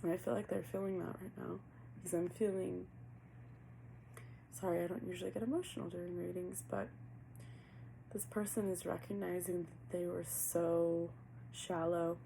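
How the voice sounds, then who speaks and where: Woman tarot reader, gravelly edge, earnest and heartfelt, channels messages as she talks, faint hiss underneath. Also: fairly low pitch, fairly even intonation, moderate pace, pauses often, warm tone, rough recording. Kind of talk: casual tarot reading.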